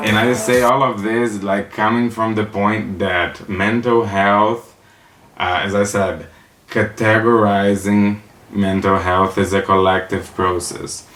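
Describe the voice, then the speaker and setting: A low-voiced comedian delivers a sassy, campy stand-up monologue, acting out the people in the stories. The voice carries a roomy echo. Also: male voice, fairly bright tone. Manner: campy, sassy storytelling with acted-out quotes.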